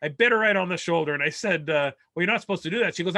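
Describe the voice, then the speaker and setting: A male comedian races through a lengthy comic tale about his relatives on a video call, his voice fairly high and bright. He meanders, trips over false starts, and chuckles at his own jokes, all captured in a dry, close recording with no surrounding room.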